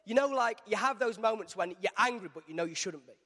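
A man's voice: high voice, lively intonation, fast, pushed and bright, husky. A man preaching a sermon, telling a Bible story in a conversational storyteller's way. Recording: reverberant church hall.

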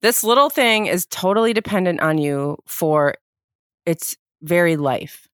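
A woman's voice: on the low side, animated, measured pace, fairly bright tone, no echo. A middle-aged woman co-hosting a casual talk show, chatty and self-mocking, often close to laughing. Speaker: podcast co-host. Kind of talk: casual chat.

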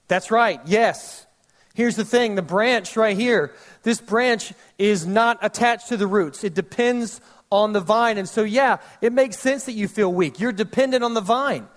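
High-voiced man preaching a casual sermon. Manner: conversational, animated storytelling with quick asides. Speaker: pastor.

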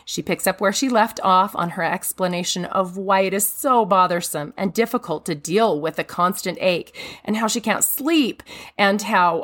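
A woman who is a mother, giving an earnest, emphatic devotional talk with a warm manner. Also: medium pitch. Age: adult mother. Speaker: speaker.

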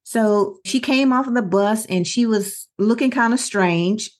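A woman's voice: on the high side, measured pace. A middle-aged woman co-hosting a podcast, telling a story in an earnest, conversational way and acting out the other people's lines. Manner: earnest storytelling with quoted dialogue. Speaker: podcast co-host.

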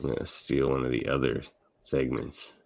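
An easygoing man hosting a podcast, with an extremely deep, low voice. He chats casually and lets his sentences trail off as he thinks aloud. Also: flat delivery, normal speed, vocal fry, very noisy. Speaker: podcast host. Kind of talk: casual chat.

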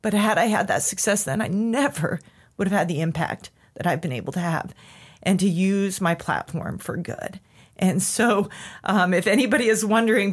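A woman's voice: medium pitch, normal speed, slightly rough. A woman guest on a podcast, telling a personal story in a heartfelt way, at times tearful.

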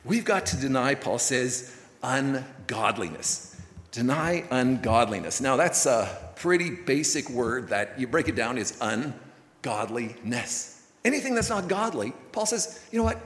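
A man's voice: mid-range voice, big pitch swings, unhurried, fairly bright tone. Male pastor, casual folksy delivery, reverberant hall sound. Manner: folksy, conversational preaching with many fillers. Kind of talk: sermon. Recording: echoey hall recording.

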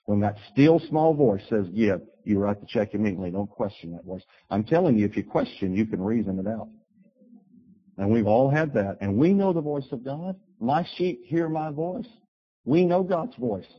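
A man preaching a sermon, telling a personal story and acting out his own words with animated bursts. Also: fairly low pitch, normal speed, slightly rough. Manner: storytelling, animated bursts when quoting himself. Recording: dull lo-fi recording.

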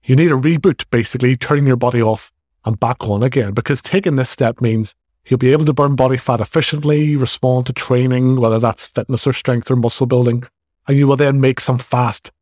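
A man's voice: medium pitch, fairly quick, a little mellow, no echo, clean studio sound. Northern Irish man hosting a fitness podcast. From Northern Ireland. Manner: casual, direct, jokey asides. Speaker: podcast host and fitness coach. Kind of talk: solo podcast talk.

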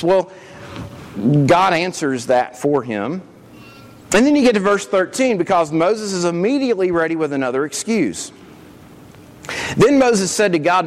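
A man's voice: sits high, expressive, normal speed. A man preaching a sermon as pastor, earnest, often repeating words as he restarts a thought.

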